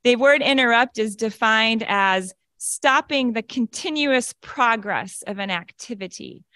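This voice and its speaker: A woman pastor with a high, light voice leads a children's message in plain, coaxing words. The sound is close and dry, with little room around it. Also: lively intonation, a little slow, no echo. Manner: bright, coaxing, speaks simply to children. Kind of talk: children's sermon, then sermon. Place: church sanctuary.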